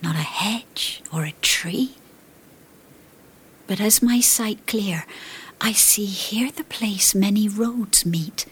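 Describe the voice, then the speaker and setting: A woman narrating a first-person tale in a hushed, breathy whisper with old-fashioned phrasing. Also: mid-range voice, slow pace. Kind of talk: whispered storytelling.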